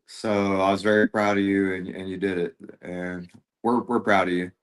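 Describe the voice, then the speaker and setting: A man with a fairly low voice speaks on a podcast as a guest. He tells a story casually and haltingly, breaking off and restarting. His words come through a close podcast mic. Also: flat delivery. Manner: halting, full of fillers and restarts. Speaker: guest, airbrush artist.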